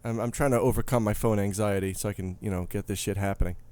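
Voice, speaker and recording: A man's voice: fairly low pitch, steady tone, fast, a little mellow, dry recording. A man in his thirties co-hosting a podcast in casual, joking, rambling chat. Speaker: podcast co-host.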